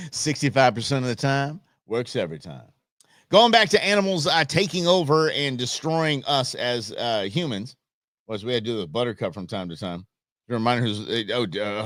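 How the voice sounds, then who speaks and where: A middle-aged man hosting a live stream in casual chat. His mid-pitched voice swings up and down as he tells animated stories and drops into playful voices. The sound is close and dry, with little room around it. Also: no room sound. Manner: animated storytelling with goofy voices for dogs. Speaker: livestream host.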